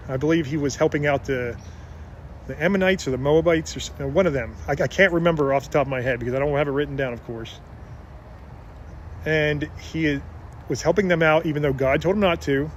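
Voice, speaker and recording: A man's voice: fairly high pitch, a little hiss or hum. A man giving an earnest, casual religious talk, retelling Bible stories with frequent restarts. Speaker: religious speaker.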